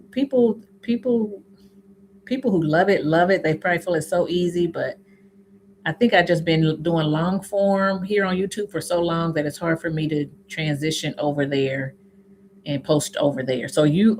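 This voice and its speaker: Southern lady w a low voice chatting to her live viewers, answers comments, faint noise behind. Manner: bursts into high laughing exclamations. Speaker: YouTube host answering live chat. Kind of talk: casual live-stream chat.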